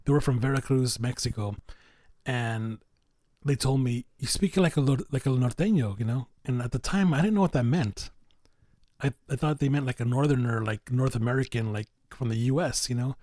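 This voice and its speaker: A man's voice: medium pitch, moderate pace, darkish tone, dry recording. A man talking as a podcast guest in a casual, rambling way, filling nearly every phrase with "you know". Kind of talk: casual conversation.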